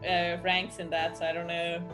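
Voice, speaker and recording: A woman's voice: lowish voice, monotone, moderate pace, fairly bright tone, soft background music. A woman playing a tabletop game on a stream, drawling and amused. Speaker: player. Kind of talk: casual chat at a game table.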